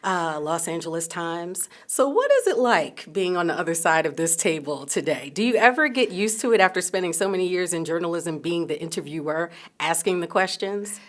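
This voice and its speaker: Lower-pitched female TV interviewer. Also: animated, moderate pace, few pauses. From Jersey City. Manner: conversational, with short affirmations and fillers. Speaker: TV news interviewer. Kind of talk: broadcast interview. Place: TV news studio.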